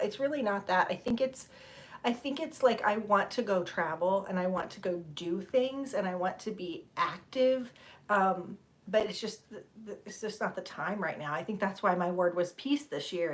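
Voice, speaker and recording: A middle-aged woman, chatting casually with viewers on a livestream, rambling and laughing. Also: medium pitch. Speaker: livestream host. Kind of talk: casual chat with live viewers.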